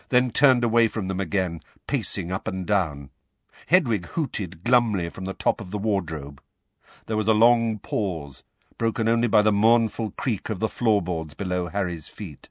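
A man narrating a storybook with expressive storytelling. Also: lowish voice, a little slow, dry recording, studio quality. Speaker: audiobook narrator. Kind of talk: scripted narration.

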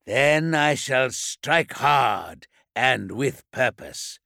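A man's voice: medium pitch, expressive, drawn-out words, vocal fry, pushed and bright, dry recording, clean studio sound, full character voice. A man voicing a scheming male warrior-preacher who insists on his bargain, in an audiobook reading. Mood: insistent.

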